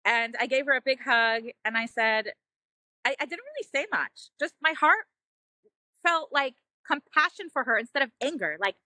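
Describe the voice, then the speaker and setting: A woman's voice: high-pitched, expressive, normal speed, bright, forceful tone, no room sound. A woman telling a heartfelt personal story as a mother on a parenting show, earnest and emotional, often saying "like" and "you know.".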